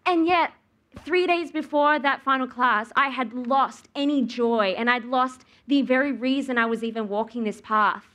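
Young aussie woman preaching, bit high voice, animated storytelling, does her own reactions. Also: normal speed. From Australia. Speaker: speaker at church. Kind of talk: sermon with personal story.

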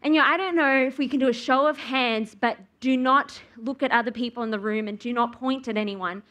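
A woman's voice: a little high, brisk, fairly bright tone. A young woman preaching a sermon, telling a personal story and acting out her own reactions. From Australia. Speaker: speaker at church.

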